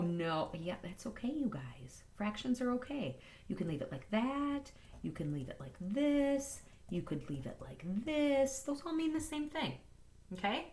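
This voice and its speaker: A woman math teacher walking through inequality problems in a recorded lesson, upbeat and playful, talking fast. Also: mid-range voice.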